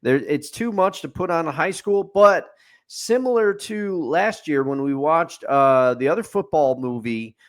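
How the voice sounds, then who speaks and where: A man with a fairly high-pitched speaking voice, talking through a movie in relaxed podcast chat. He is opinionated and builds his case point by point, ticking items off like a checklist. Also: unhurried. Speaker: podcast co-host. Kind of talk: casual movie review chat.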